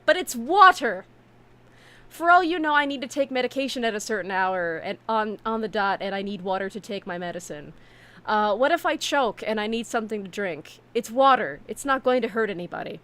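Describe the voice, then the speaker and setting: A woman streamer in casual chat, telling stories in an animated way with many fillers and restarts, talking from her home setup. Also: medium pitch, a little fast.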